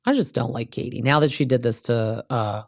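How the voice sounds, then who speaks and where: A woman's voice: rumbling low, brisk, creaky, no room sound, studio quality. A woman hosting a casual gossip recap of reality TV, blunt and opinionated, who swears freely.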